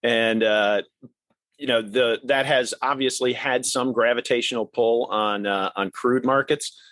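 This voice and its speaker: A man with a mid-range voice speaks as a guest analyst on an economics podcast. His delivery is measured and steady, full of small "uh" fillers. The sound is dry and close, with no room around it. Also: medium pitch, dry recording. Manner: fluent, measured, lots of filler uhs. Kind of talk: casual economics podcast talk.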